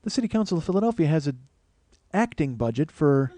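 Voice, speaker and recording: A man's voice: fairly high pitch, big pitch swings, fast, mellow. A man telling a comic story as a podcast host, profane and ranting with mock paranoia.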